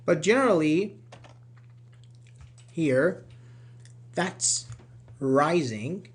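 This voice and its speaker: A man's voice: on the high side, lively intonation, very slow. A man teaching grammar online, explaining tag questions and repeating example sentences to show the intonation. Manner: explanatory, repeats examples with rising and falling tones. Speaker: English teacher.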